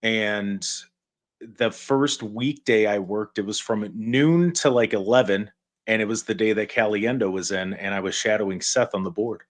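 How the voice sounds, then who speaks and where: A man on a video call telling rambling, animated stories about his radio days as a guest. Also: fairly low pitch, normal speed. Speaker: guest, former radio staffer. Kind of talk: casual storytelling.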